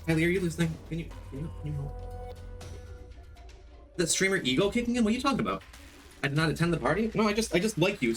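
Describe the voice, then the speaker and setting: A man chatting casually on a game stream from home, his pitch swinging widely as he talks. He jumps into excited, high greetings for viewers. Faint music runs underneath. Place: home room.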